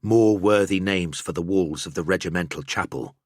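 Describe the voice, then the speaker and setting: A man narrating an audiobook in a measured storytelling manner. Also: low-pitched, darkish tone, dry recording, clean studio sound.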